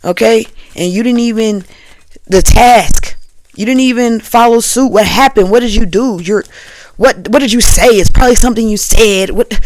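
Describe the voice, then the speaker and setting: Lady doing a whole mad family yelling at someone, higher and louder than her usual talk, hammering the same questions over and over. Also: normal speed, dry recording, close to an everyday voice, low-quality recording. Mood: scolding. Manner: accusing, loud, hammering repeated questions. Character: upset, scolding family elders of a jilted bride.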